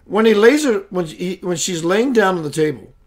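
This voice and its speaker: A man hosting a radio show, telling a personal story in an animated way with dramatic pauses, swinging between loud and hushed. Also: high-pitched. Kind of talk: storytelling monologue.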